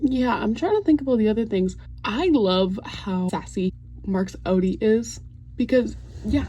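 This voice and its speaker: A woman's voice: on the high side, animated, measured pace, dark tone, breathy edge, dull audio. A young woman casually chatting to camera at home in a video diary, rambling through a fan rant and swearing freely. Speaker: vlogger. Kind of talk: casual vlog chat.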